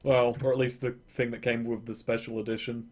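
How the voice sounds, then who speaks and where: A man's voice: medium pitch, little pitch movement, fairly quick, darkish tone, slight background noise. A man playing a tabletop game in casual chat, chatty and asking about the rules. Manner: chatty, rule questions, restarts. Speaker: player.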